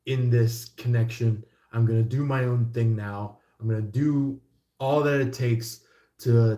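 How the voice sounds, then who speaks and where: A man rambles through a casual tarot reading, leaning hard on fillers and acting out bits of dialogue. He talks at an unhurried pace and a middle pitch, and the room around him echoes. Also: darkish tone. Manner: rambling, heavy with fillers, acts out quotes. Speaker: tarot reader.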